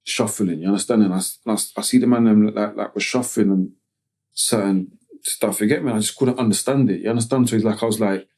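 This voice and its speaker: A man from Tottenham with a North London accent, telling a personal story as a podcast guest in slangy, halting speech full of "you get me" tags. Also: on the low side, steady tone, darkish tone. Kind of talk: casual storytelling interview.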